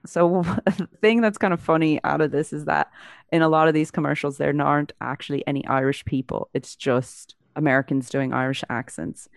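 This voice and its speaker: A woman's voice: deep voice, steady tone, a little fast, dry recording. Woman co-host, casual chatty delivery, dry close mic. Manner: chatty, laughs often, many fillers. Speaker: podcast co-host. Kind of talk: casual chat.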